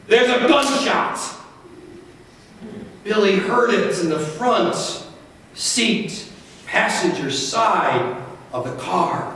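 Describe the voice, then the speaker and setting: Male pastor with a high voice, animated storyteller, captured from afar in a very reverberant sanctuary with a faint hum behind. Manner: animated storytelling with wide swings in pitch and loudness. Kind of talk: sermon. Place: church sanctuary. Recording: very echoey church, from far off.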